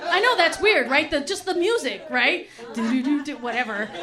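Middle-aged woman comic, high voice, blunt and profane, rambling stand-up storyteller. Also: sing-song, normal speed, crowd noise. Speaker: stand-up comedian. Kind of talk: stand-up comedy.

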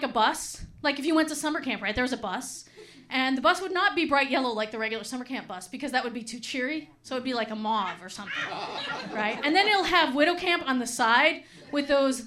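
A woman's voice: sits high, fairly bright tone, a little hiss or hum. A woman doing a stand-up comedy set, chatty and laughing, with lots of "like" and "right?".

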